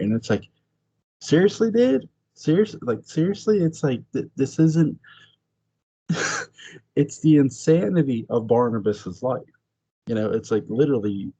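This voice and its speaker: A man chatting casually as a podcast host, excitable and swearing freely, his voice jumping up high when he exclaims. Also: slightly rough, dull audio. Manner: swears freely, laughs often. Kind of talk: casual chat.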